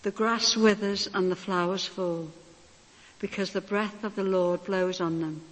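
Scripture reader, calm and measured, mid pitch, long hall reverb. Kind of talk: Bible reading. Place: church hall.

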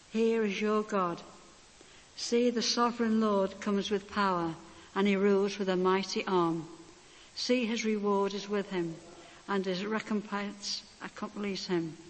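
Scripture reader, calm and measured, mid pitch, long hall reverb. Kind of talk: Bible reading. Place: church hall.

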